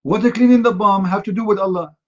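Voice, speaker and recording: A fairly high-voiced man hosts a live-stream debate in broken, non-native English. He fires off mocking rhetorical questions, stumbles through fillers and repeats himself. The audio is dull and lo-fi, like a muffled stream. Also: quick pace. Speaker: host of a live online debate. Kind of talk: heated live-stream commentary.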